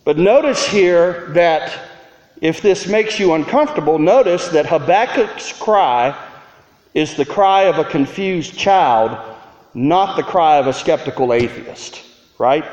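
A man's voice: a little high, darkish tone. A man preaching a sermon as a pastor, earnest and questioning, building to rhetorical peaks. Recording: roomy hall reverb, dull sound.

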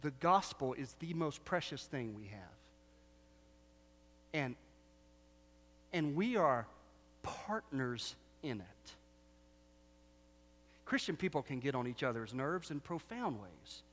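A man's voice: medium pitch, sing-song, takes it slowly, pauses often, a bit bright. Preaching man in a reverberant church. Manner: conversational preaching with rhetorical questions. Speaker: pastor. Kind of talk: sermon. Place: church sanctuary. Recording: long hall reverb.

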